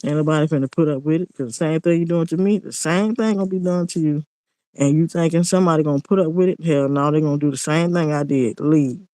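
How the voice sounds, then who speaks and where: A man's voice: on the high side, quick pace, dark tone, no echo, rough recording. A man, ranting in a casual monologue vlog, blunt and preachy and repeating himself.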